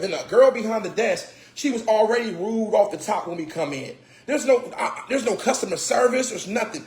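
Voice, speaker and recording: A man telling a personal story casually, animated and repetitive, swearing and getting heated. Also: high-pitched, a little fast, few pauses. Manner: animated, repeats phrases, swears, grows heated and shouts. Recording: roomy echo.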